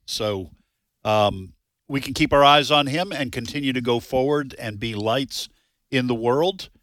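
A man co-hosting a radio talk show, reflecting in a halting way with restarts. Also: mid-range voice, fairly bright tone, dry recording, studio quality. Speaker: radio co-host. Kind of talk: casual radio discussion.

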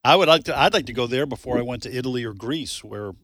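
A man's voice: medium pitch, fast, a bit bright, dry recording. Easygoing guy on a radio show, laughs a lot, rambles a bit, dry studio mic. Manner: laughs easily, rambling with restarts. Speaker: radio co-host. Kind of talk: casual live radio chat.

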